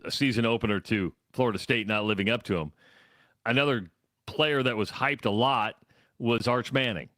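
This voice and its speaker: A man's voice: mid-range voice, fairly bright tone, dry recording. Middle-aged Midwestern male radio co-host, rambling storyteller, close dry studio mic. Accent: American Midwest. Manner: rambling, self-correcting storyteller. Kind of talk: casual sports talk.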